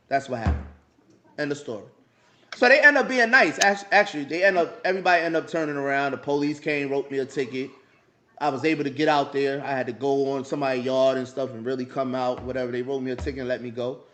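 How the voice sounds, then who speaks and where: High-voiced man telling a story, laughing. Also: fast talker. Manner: animated, laughing often, acts out other people's lines. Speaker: podcast co-host telling a story. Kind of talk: casual storytelling chat.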